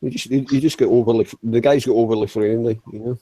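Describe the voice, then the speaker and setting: A man's voice: medium pitch, fairly even intonation, fast, dark tone, no room sound, low-quality recording. A man chatting casually, rambling with stammered restarts and frequent swearing. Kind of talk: casual chat.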